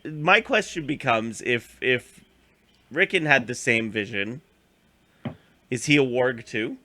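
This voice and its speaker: Bright, rambling young man. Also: mid-range voice, expressive, slow pace, a little hiss or hum. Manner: rambling, filler-heavy, acts out scenes in funny voices. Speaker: podcast co-host. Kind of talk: casual recap chat.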